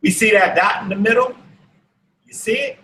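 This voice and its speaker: A man's voice: high voice, normal speed, sharp tone, roomy sound, low-quality recording. A man teaching a language lesson to an online class, speaking patiently and repeating each word for his students. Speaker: Hebrew teacher. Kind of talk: slow classroom instruction.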